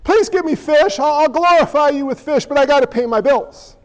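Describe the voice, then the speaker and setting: A man's voice: very high-pitched, fairly quick, big-room sound, highs cut off. A man voicing a tired working fisherman who prays for fish and grumbles about preachers. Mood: pleading. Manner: pleading, then jubilant. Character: worn-out male fisherman praying for a catch.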